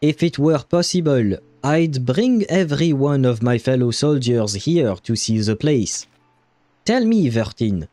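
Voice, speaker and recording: A man reading the lines of a calm female soldier from a game aloud, slowly and haltingly, with an attempted French accent. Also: mid-range voice, no room sound, natural voice. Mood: calm, wistful.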